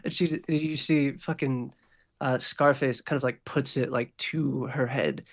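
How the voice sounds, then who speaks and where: A man's voice: mid-range voice, fairly even intonation, moderate pace. Man as game master, rambling casual narration. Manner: casual, loose narration full of fillers. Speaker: dungeon master.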